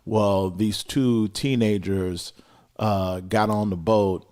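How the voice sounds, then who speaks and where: Low-voiced preaching man, building intensity. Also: fairly even intonation, takes it slowly, a little mellow. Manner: preaching with rising intensity and repetition. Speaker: pastor. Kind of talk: sermon.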